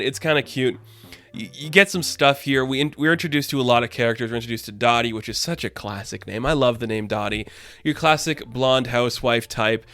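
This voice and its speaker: A man's voice: medium pitch, a bit bright, dry recording. A young man casually reviewing a TV episode, enthusiastic and rambling, with lots of filler words. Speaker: YouTube reviewer.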